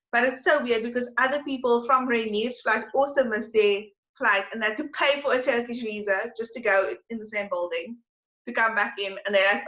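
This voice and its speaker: A woman's voice: fairly high pitch, bright, forceful tone. A young woman from South Africa co-hosting a podcast, chatting casually and rambling through a story. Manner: rambling, chatty, lots of fillers. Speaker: podcast co-host. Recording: slightly dull lo-fi audio.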